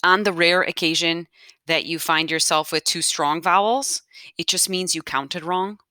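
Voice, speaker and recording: A woman's voice: on the low side, steady tone, a little slow, pushed and bright, no room sound, studio quality. A woman teaching a recorded grammar lesson, patient, restating each rule and checking in with "okay?". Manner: patient, repeats key points, checks in with "okay?". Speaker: Spanish teacher.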